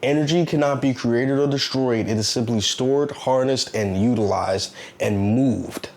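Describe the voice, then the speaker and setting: A man's voice: mid-range voice, a little slow, darkish tone. Man, self-help vlogger, casual motivational monologue, earnest and preachy, leans on rhetorical questions, mid-range voice.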